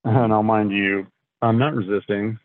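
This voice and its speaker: A man telling his story as a podcast guest, in a halting, casual way, often clearing his throat and filling gaps with fillers. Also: fairly low pitch, steady tone. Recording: thin phone-like sound, dry.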